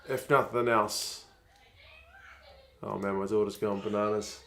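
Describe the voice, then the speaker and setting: A man's voice: fairly low pitch, steady tone, measured pace, vocal fry, long pauses, fairly bright tone. Chatty New man. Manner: chatty, wry, reads out viewer comments. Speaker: rugby watchalong streamer. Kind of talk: casual live-stream chat.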